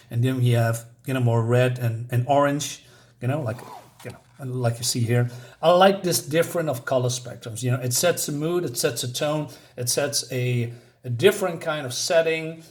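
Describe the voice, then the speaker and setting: A man reviewing a comic book in a casual, rambling way, filling his talk with "you know" as he goes through the panels. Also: mid-range voice.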